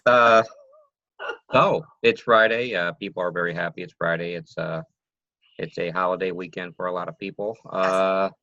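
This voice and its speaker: Man co-host, easygoing storyteller, lowish bright voice, dull dry lo-fi sound. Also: fairly even intonation, normal speed, dry recording. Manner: easygoing storyteller, many fillers. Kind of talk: casual morning show chat. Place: South Carolina Low Country.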